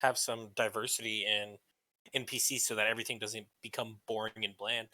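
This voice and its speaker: A man co-hosting a casual panel chat, soft-spoken and offhand. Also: fairly low pitch, little pitch movement, fairly quick, poor audio. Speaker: podcast co-host.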